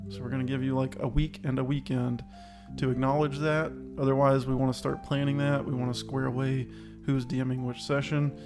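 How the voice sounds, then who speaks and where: Man, casual co-host, gravelly voice, flat delivery, rambling, slightly out of breath. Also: mid-range voice, fairly quick, hardly any pauses, over music. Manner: rambling, self-aware, upbeat. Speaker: podcast co-host. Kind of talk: casual chat.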